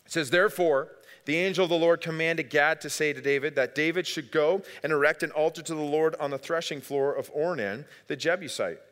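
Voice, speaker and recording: A middle-aged man delivers a sermon from a church, speaking in a fairly high voice. He preaches in a lively, storytelling way, acting out voices as he goes. His voice rings with the long reverb of a large hall. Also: brisk. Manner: storytelling, animated, acts out family voices. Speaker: pastor. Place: church sanctuary.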